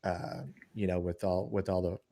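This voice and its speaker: A middle-aged man gives advice on a live gaming stream, halting and circling back with "you know." His voice sits on the low side. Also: flat delivery, mellow. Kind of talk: casual stream chat.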